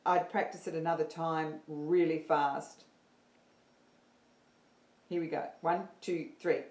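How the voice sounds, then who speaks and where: A woman's voice: low voice, flat delivery, slow pace, darkish tone, roomy sound. A woman teaching an online singing lesson, upbeat and counting her students in.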